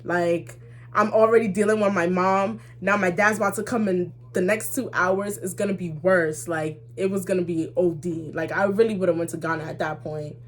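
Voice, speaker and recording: A woman's voice: fairly low pitch, fairly even intonation, moderate pace. A young woman vlogger telling a personal story in a casual, slangy way, laughing and acting out the dialogue.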